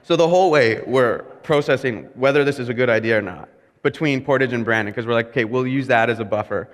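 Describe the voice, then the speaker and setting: A man's voice: medium pitch, fast. A young man preaching a sermon, telling a personal story in a candid, self-mocking way and laughing at himself as he goes. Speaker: pastor. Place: church sanctuary. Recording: long hall reverb.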